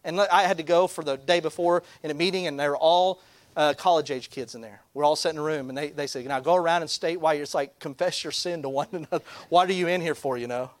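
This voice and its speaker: Pastor guy telling a story, kinda high voice, dry sound, acts out everybody. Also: fast, no room sound. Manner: animated storyteller, acts out other people. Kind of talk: storytelling sermon.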